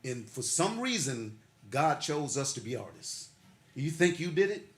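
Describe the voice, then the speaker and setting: A man's voice: mid-range voice, very animated, a little slow. An older man giving a heartfelt, emotional acceptance speech at an awards ceremony. He talks with laughter and builds his points through repeated, preacherly phrases. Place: ceremony hall. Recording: echoey hall with faint noise.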